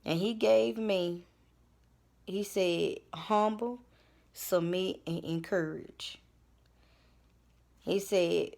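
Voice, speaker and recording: A woman's voice: on the low side, very slow, creaky, long pauses, darkish tone. A woman, giving a personal testimony in an earnest, preacherly way that repeats phrases. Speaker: vlogger sharing testimony.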